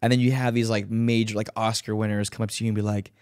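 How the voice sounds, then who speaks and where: A man guesting on a podcast, telling lively stories full of fillers and putting on high voices for quotes. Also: quick pace, clear, resonant tone, no echo, studio quality. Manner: animated storyteller, acts out quotes in high voices, many fillers. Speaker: podcast guest, professional dancer. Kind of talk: casual chat, storytelling.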